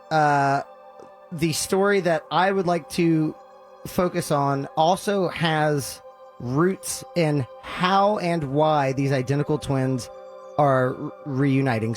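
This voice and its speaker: Brief: man, slightly raised pitch, lively casual storyteller, faint music behind. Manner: animated retelling, with filler ums and uhs. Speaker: podcast host telling a story. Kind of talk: casual storytelling among friends.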